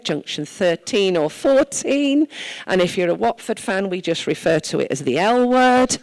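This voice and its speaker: A woman's voice: lowish voice, rough recording. A woman from Wales, a town mayor, giving an earnest, conversational address at a church service and telling stories from her own life.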